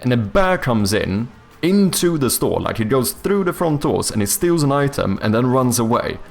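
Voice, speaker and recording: He's a streamer from Sweden, speaking at a moderate pace in a gravelly, medium-pitched voice that swings widely in pitch, with soft background music. His English leans British, and he casually chats, reads, and answers messages, with lots of fillers and restarts.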